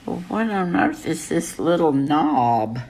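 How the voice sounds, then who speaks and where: A man plays a flamboyant, middle-aged Southern drama queen stuck at home in lockdown, drawling slowly through a campy comic monologue of gossip and dramatic exclamations. His voice is a little high and darkish with lively intonation, and there's a faint hiss or hum indoors.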